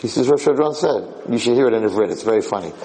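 A man's voice: medium pitch, fast, in a large hall, slight background noise, poor audio. A man teaching an informal Torah class as a rabbi, telling stories animatedly and repeating himself. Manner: animated storyteller, repeats and restarts phrases.

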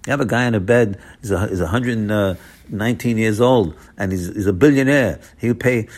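A man teaching a Torah class as a rabbi, emphatic, swinging between loud exclamations and low murmurs and repeating words for stress. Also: moderate pace.

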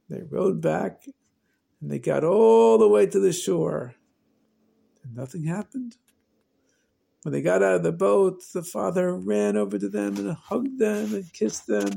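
A man hosting a storytelling show, narrating a tale slowly and deliberately, with long pauses. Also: high-pitched, vocal fry, dark tone, breathy edge. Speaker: storyteller host.

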